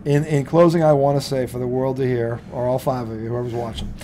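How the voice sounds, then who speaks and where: A man's voice: medium pitch, flat delivery, fast, warm tone, a little hiss or hum. A male sports talk host from the Boston area, ranting heatedly with lots of swearing and laughing mid-rant.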